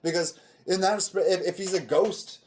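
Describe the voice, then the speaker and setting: A man's voice: sits high, fairly even intonation, moderate pace, a little mellow, a little hiss or hum. A man co-hosting a podcast in casual chat, emphatic and profane as he riffs on movies. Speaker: podcast co-host.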